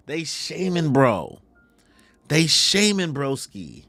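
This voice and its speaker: Animated slangy man reacting live. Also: mid-range voice, slow, long pauses, dry recording, faint music behind. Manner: slangy, animated, laughs a lot. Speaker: streamer reacting to a manga chapter. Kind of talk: casual live reaction, reading dialogue aloud.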